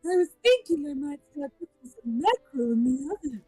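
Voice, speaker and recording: A woman's voice: high voice, sing-song, brisk, dark tone, dry recording, soft background music, poor audio. Motherly older maid, played by a woman, courteous, sing-song lilt, dry close sound. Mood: polite.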